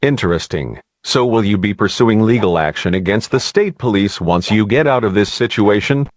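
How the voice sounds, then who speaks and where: A man playing a radio news host, asking calm, measured questions in an amateur audio drama. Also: on the low side, no room sound, lightly acted. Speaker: radio interviewer.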